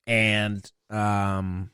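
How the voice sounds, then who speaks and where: A man's voice: on the low side, creaky, bright, forceful tone, clear, resonant tone, dry recording, studio quality. Man ranting with profane exasperation. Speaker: comedy podcast host. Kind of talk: casual comedic rant.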